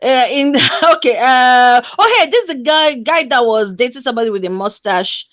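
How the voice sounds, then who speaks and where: A woman, hosting a casual online chat show, reading stories aloud with lively, teasing asides. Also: on the high side, normal speed, few pauses, no room sound, muffled recording. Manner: animated, laughing, teasing asides. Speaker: show host. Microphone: video call stream.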